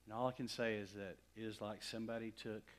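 Middle-aged guy from west texas giving a sermon, gets loud then goes real quiet. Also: lowish voice, fairly even intonation, fast talker. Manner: dramatic swings from loud emphasis to hushed near-whispers. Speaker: pastor.

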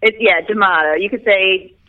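A woman's voice: medium pitch, moderate pace, no room sound. A young woman from Northern Virginia, a runner who is the guest on a podcast, chatting over the phone with playful, self-deprecating humor. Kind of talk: phone interview. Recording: tinny dry phone line.

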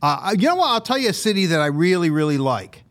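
A man's voice: sits high, big pitch swings, fast, fairly bright tone. A man co-hosting a sports podcast, telling long, meandering stories in casual chat. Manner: rambling, meandering storyteller. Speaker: podcast co-host.

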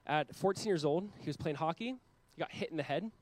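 A man in his thirties preaching a sermon as a pastor, earnest, with loud emphatic peaks and quiet, slowed passages. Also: a little high, a little hiss or hum, poor audio.

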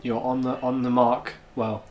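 A man's voice: medium pitch, flat delivery, unhurried, reverberant, slight background noise. A man co-hosting a casual rewatch podcast, teasing his co-host and laughing often.

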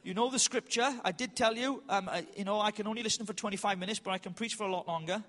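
A male preacher with a high, bright voice delivers a conference sermon with storytelling in a large hall before an audience. He is animated and self-mocking, alternating loud bursts with slow, emphatic lines, and the recording is reverberant.

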